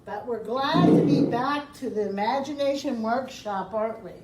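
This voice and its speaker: Woman librarian, high voice, slow gentle instructions for children, roomy echo. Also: a little hiss or hum. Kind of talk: explaining a craft to children.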